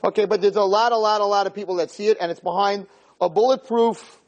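Live lecturer, male, tells stories with animated delivery and a high voice, rising to shouts. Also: fast talker, lo-fi sound. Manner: animated storytelling that builds to shouting. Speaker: Jewish lecturer. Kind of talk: joke-filled lecture to a live audience.

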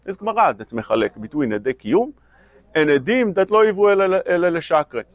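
Male lecturer, lively and questioning, dry close sound. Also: high-pitched, brisk, no room sound, lo-fi sound. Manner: animated, questioning, mixes Hebrew and Yiddish terms. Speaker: Torah teacher. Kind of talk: Talmudic lecture.

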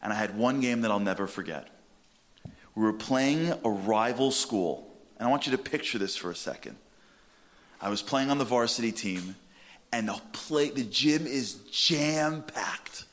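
A man giving a humorous sermon, animated and telling stories. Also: medium pitch, moderate pace. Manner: animated, comic, storytelling. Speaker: speaker.

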